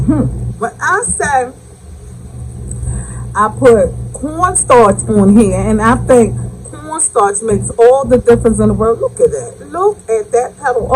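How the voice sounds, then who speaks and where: Poor audio with a bit of hiss or hum carries a woman's slightly high, slightly mellow voice, very animated yet unhurried. Hosting her own cooking channel, she samples what she made and talks effusively to viewers as baby and y'all, with savoring mm sounds between bites.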